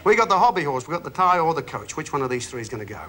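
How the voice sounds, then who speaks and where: A man's voice: on the high side, sing-song, racing, bright, forceful tone, slight background noise. A man hosting a game show, chatting with contestants and reading out riddle clues. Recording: TV studio with audience.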